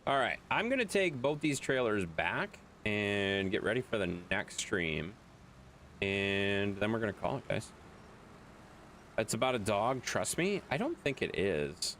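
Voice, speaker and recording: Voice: medium pitch, big pitch swings, a little slow, a bit bright, slight background noise. A game streamer chatting casually with viewers, loose and jokey, swearing freely. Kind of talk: casual live-stream chat.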